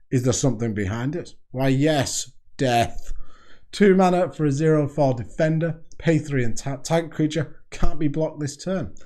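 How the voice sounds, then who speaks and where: A man's voice: mid-range voice, mellow. Chatty man reading out card game text. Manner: chatty, reads card text aloud, laughs at own jokes. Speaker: card game video host. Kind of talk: casual deck review monologue.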